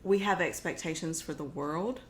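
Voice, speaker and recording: A woman's voice: normal speed, a little hiss or hum. A woman co-hosting a podcast who chats casually and acts out quoted lines expressively. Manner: expressive, acts out quotes with big pitch swings. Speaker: podcast co-host. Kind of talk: casual conversational chat.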